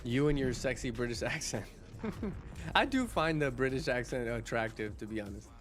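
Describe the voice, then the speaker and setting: A man's voice: medium pitch, expressive, normal speed, soft background music. A man livestreaming, chatting casually with his viewers, reading chat aloud and often restarting his sentences.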